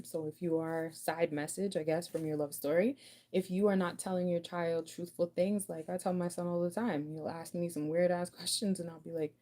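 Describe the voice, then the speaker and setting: Woman reader, mellow, low-ish voice, chatty and giggly, talks straight to "you". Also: brisk. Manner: chatty, giggly, loose slangy talk; spoken to the viewer as "you". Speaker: intuitive card reader. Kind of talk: casual channelled reading.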